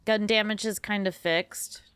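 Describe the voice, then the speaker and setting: A woman's voice: mid-range voice, steady tone, unhurried, fairly bright tone, smooth, no room sound. A sleepy woman streaming a game, chatting casually with her viewers while laughing and rambling. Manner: rambling and giggly, talks to chat. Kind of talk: casual gameplay commentary.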